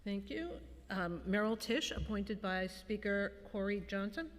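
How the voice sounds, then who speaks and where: A woman chairs a public commission meeting from a table microphone, and her voice carries a long reverb through a large chamber. She introduces each member graciously and with light humor, at a medium pitch. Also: expressive, unhurried.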